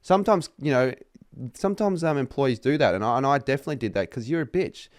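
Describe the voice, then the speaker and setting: A man's voice: medium pitch, animated, fast, dry recording, clean studio sound. Sweary young Australian man ranting. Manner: sweary, exasperated, mocking customers in put-on voices. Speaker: vlogger. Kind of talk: casual rant to camera.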